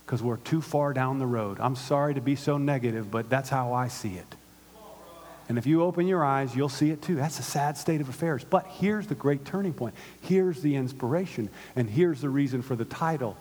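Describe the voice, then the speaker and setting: A man preaching a sermon to his church, with call-and-response and swings from hushed to loud. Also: mid-range voice, normal speed. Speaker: pastor. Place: synagogue hall used by a church. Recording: long reverb of a large hall.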